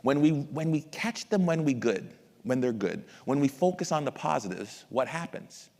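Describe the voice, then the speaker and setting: A middle-aged man presenting at an education masterclass, who addresses the audience directly and acts out examples in a lively lecture. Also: medium pitch, moderate pace, creaky. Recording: long hall reverb.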